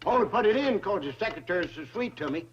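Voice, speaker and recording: A man's voice: high voice, expressive, fast, slight background noise. An actor playing a boastful, stubborn rustic old man, talking brashly and folksily. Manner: brash, folksy, self-pleased. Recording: dull old TV soundtrack with loud laugh track.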